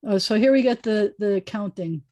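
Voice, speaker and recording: A woman rabbi teaching an informal class over a video call, chatting and thinking aloud as she goes. Her voice is mellow and relaxed, of middle pitch. The sound is dry and close. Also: normal speed, dry recording, dull audio. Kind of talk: informal online lesson.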